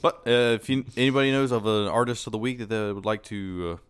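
A man's voice: lowish voice, fairly even intonation, fairly quick, clean tone. A man hosting a casual podcast, laid-back and filler-heavy, laughing often. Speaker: podcast host.

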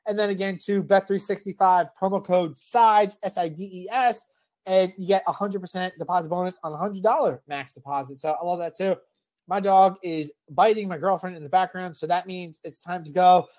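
A man's voice: high-pitched, fairly even intonation, a little mellow. A young man hosting a podcast, joking in casual banter and reading ads. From Irish heritage. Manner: joking, quick banter with ad reads. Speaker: podcast host.

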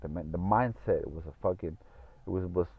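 A man's voice: low-pitched, moderate pace, slightly rough, no echo. A man telling a story in a casual monologue, rambling, repeating himself and swearing often. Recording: tinny phone-like audio.

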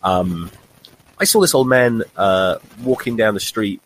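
A man's voice: lowish voice, animated, unhurried, slight background noise, rough recording. A man in his forties hosting a podcast, telling a rambling, wry comic monologue and swearing freely. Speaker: podcast host. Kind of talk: comedic monologue.

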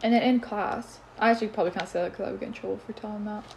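A teenage girl talks alone into her podcast, ranting in a blunt, exasperated way and swearing freely. Her voice sits at an ordinary middle pitch for a girl. She keeps it loose and casual. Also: steady tone, racing, creaky, darkish tone, slight background noise. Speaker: solo podcast host.

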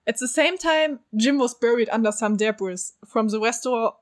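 A woman's voice: a little high, brisk. A woman reading a story aloud with friends as narrator, chatty and giggly, stopping for jokes. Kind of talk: casual read-aloud with friends.

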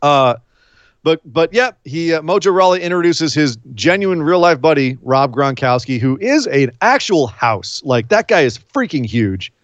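A man co-hosting a wrestling podcast in casual chat, joking and animated with quick asides. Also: a little high, no echo, lo-fi sound.

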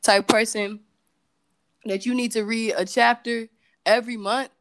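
A woman's voice: on the high side, steady tone, measured pace, dry recording. A woman guest on a podcast, talking in a loose, candid way with many fillers and self-corrections. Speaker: podcast guest, entrepreneur and singer. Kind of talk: casual chat.

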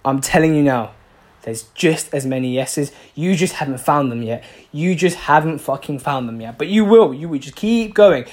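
A man giving a passionate motivational talk, repeating himself for emphasis and swearing freely. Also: on the high side. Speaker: motivational speaker.

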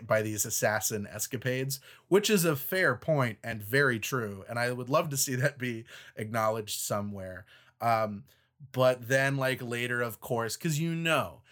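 A man's voice: mid-range voice, a bit bright. Critical male podcast co-host. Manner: opinionated, critical, laughs often. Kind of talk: casual review chat.

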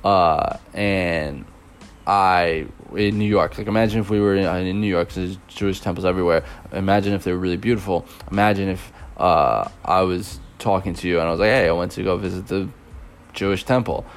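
Young male teacher abroad, low deep voice, relaxed rambling vlog storyteller with fillers. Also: a little fast, clean tone. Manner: rambling, loose, with many fillers and chuckles.

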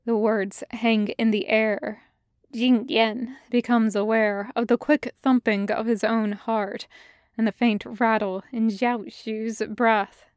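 Slow, measured woman narrating fiction. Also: fairly high pitch, no room sound, clean studio sound. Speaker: fan audiobook reader.

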